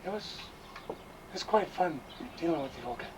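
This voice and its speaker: A man casually reminiscing with friends, rambling and halting as he remembers. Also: on the high side, animated. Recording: noisy home recording.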